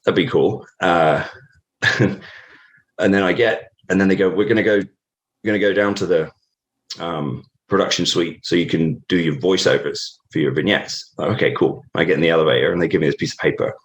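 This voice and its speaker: Deep-voiced British man telling stories. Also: steady tone, brisk. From Britain. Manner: rambling with many fillers and restarts. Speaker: guest. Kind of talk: casual interview storytelling.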